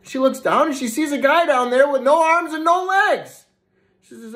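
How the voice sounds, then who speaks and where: A man's voice: extremely high pitch, moderate pace, fairly bright tone. A middle-aged man telling dirty jokes, laughing at his own punchlines. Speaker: joke teller.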